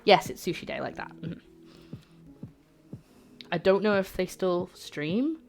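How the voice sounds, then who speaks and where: A woman's voice: on the low side, lively intonation, a little slow, gravelly, soft background music. A woman chatting casually to her livestream chat while cooking, joking and poking fun at herself. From lives in Scotland. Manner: chatty, jokey, self-deprecating, talks to chat.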